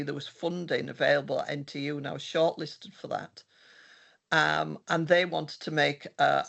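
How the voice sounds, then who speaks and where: Older male researcher, heavy vocal fry, meandering conversational delivery. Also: a little high, a bit bright. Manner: meandering, many restarts. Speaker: researcher presenting their work. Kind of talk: conversational presentation.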